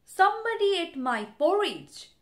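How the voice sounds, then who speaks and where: A woman's voice: high-pitched, huge pitch swings, takes it slowly, a bit bright, heavily acted. A woman voicing a big, grumpy male papa bear in a storybook reading for children. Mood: indignant. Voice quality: gruff.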